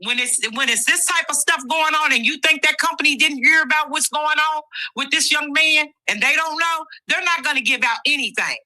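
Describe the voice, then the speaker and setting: A woman's voice: high-pitched, fairly quick, few pauses, sharp tone, poor audio. A woman co-hosting a casual livestream chat, explaining emphatically and addressing the listeners directly.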